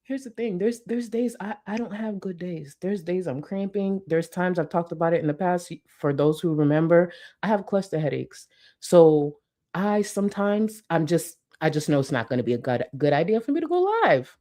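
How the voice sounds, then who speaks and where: A woman talks casually as a commentary host. Her pitch is lively and moves a lot. She breaks into high, exaggerated exclamations and laughs partway through lines. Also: normal speed.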